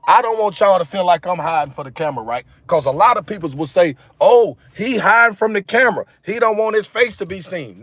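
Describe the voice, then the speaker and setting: Sitting in his car outdoors in sunlight, a man live-streams on his phone camera, ranting straight to his viewers in a repetitive, emphatic way. His voice is fairly high and bright, with no room sound.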